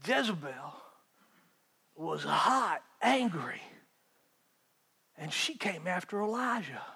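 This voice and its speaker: A man preaching a sermon, telling the story with animated swings between loud emphasis and hushed asides. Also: high voice, slow, creaky, husky. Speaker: pastor. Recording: hall reverb.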